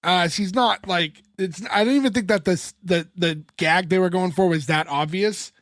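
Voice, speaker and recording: A man in his thirties co-hosting a podcast, recapping a sitcom episode in casual chat, animated and laughing, often swearing. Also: high-pitched, normal speed, no echo. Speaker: podcast co-host.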